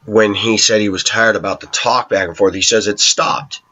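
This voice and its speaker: A man talking to his viewers in a long personal monologue, aggrieved and telling his side, often clearing his throat. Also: lowish voice, fairly even intonation, fairly quick, pushed and bright. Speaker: vlogger addressing viewers. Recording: slightly dull lo-fi recording.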